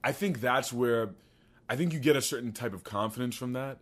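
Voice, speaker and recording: A young man chatting on a podcast, animated and playful, often laughing and acting out silly scenarios. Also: mid-range voice, fairly quick. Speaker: podcast co-host. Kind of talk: casual chat.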